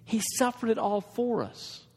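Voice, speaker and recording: A man's voice: extremely high pitch, lively intonation, measured pace, a little mellow, breathy edge, long reverb tail. A man preaching a sermon in an earnest, conversational way, with restarts and asides to the congregation.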